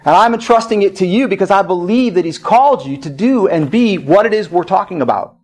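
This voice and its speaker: A man's voice: high-pitched, animated, a little fast, a little mellow. A man preaching a sermon to his congregation as pastor, telling stories and building to bold, emphatic declarations. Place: church service.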